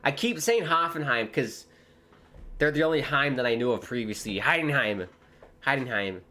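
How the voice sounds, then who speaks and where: A young American man, a streamer commentating live on a football match with viewers, bursting into loud exclamations at big moments. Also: medium pitch, animated, moderate pace. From United States. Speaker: watchalong streamer.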